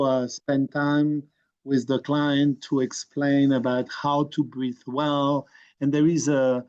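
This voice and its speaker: French-accented man presenting over a video call, slow and hesitant, dull lo-fi sound. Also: mid-range voice, a little mellow. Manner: hesitant, many fillers and restarts. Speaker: program presenter. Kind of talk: online presentation.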